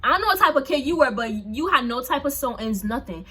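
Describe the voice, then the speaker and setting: Husky young woman telling a story. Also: high-pitched, quick pace. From Haitian family. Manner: chatty, animated, lots of "like" and asides to viewers. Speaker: storyteller vlogger. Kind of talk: casual storytime vlog.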